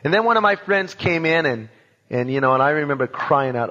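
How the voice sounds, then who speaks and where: A man telling a personal testimony, animated and acting out voices and sounds from his story. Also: fairly high pitch, fairly quick. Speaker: speaker giving a testimony. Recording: dull sound in a reverberant hall.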